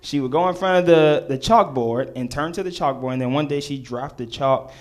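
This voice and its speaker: A young man doing live stand-up, telling a story, acting out voices and rising to near shouts. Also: on the high side, fairly quick, a crowd in the background. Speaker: stand-up comedian.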